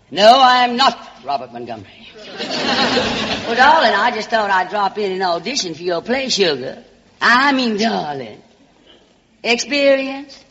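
On a dull old radio broadcast echoing through a reverberant hall, a comedy host delivers a comic monologue against a noisy background. Her mid-range voice carries a Southern American accent as she drawls theatrically and coyly calls everyone darling.

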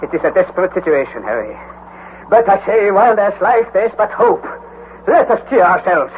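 A booming, commanding old professor-explorer. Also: male voice, expressive, moderate pace. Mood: steady, resolute. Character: elderly male professor explorer, bold, commanding. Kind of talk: 1940s radio acting. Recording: tinny, hissy old radio broadcast.

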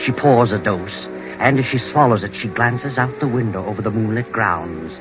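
Male narrator, low voice, ominous and measured, old muffled radio sound. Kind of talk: scripted narration. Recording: dull lo-fi old radio recording. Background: music.

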